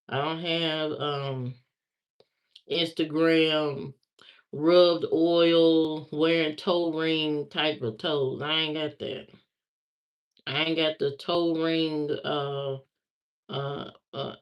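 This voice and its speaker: Woman in her thirties, livestream chat, rambling and candid, slow unhurried talk, dull lo-fi audio. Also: deep voice. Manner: rambling, candid, answers viewer comments with many fillers. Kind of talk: casual livestream chat reading viewer comments.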